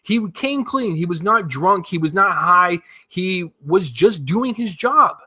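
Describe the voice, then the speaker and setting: A man with a bright, forceful, slightly high voice reviews a film off the cuff. He talks in animated bursts, swears freely and rambles through fillers and restarts. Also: slow pace, husky. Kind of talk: casual spoken movie review.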